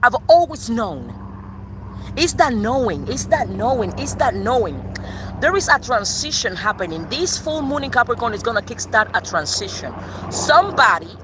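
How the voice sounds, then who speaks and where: A woman giving a live tarot reading, excitable and expressive, swearing casually as she talks to viewers. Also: a little high, moderate pace, background noise. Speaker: tarot reader.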